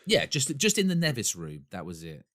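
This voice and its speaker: A man's voice: mid-range voice, huge pitch swings, fairly quick, a bit bright, no echo, clean studio sound. A man from Essex, co-hosting a podcast in casual chat, telling stories with enthusiasm and frequent laughs. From Essex, England. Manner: enthusiastic storyteller, laughs often. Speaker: podcast co-host.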